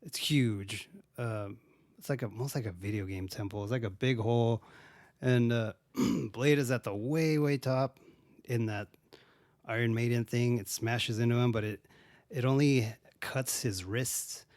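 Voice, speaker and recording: A man's voice: medium pitch, measured pace, a little mellow, no room sound. A man casually recapping a movie on his own, rambling and swearing often, with lots of "dude" and "like". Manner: profane, rambling, says "dude" a lot. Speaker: podcast host.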